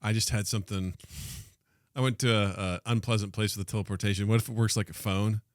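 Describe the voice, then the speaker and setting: A man's voice: fairly low pitch, steady tone, quick pace, dry recording, studio quality. A young man co-hosting a podcast, chatting casually and acting out the people in his stories. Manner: joking storyteller who acts out quoted people. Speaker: podcast co-host. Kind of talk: casual chat.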